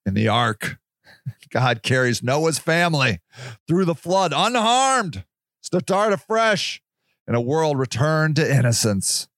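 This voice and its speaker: A man hosts a solo podcast in a fairly high voice, moving between reading aloud and heated rants. He is sarcastic and swears freely. The sound is dry and close, with no room around it. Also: sing-song, takes it slowly, a bit bright, no room sound. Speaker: podcast host.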